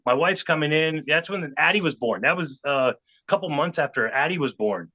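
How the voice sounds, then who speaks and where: Bright-voiced man telling a lively story. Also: on the high side, normal speed. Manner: animated, acts out quotes of others. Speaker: podcast guest. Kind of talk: storytelling anecdote. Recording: dull lo-fi podcast audio.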